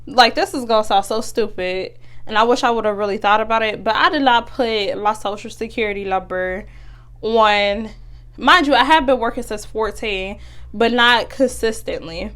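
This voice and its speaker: A young woman talks casually and earnestly, full of fillers and restarts. Her voice sits a little high. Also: normal speed, a bit bright. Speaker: podcast host. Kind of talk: casual motivational talk.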